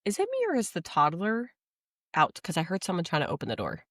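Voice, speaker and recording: Lowish-voiced woman chatting at home, dry close mic, lots of "like"s. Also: wildly swooping pitch, quick pace, a bit bright, no room sound. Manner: chatty, agreeing, laughs often. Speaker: co-host, wife. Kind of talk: casual chat.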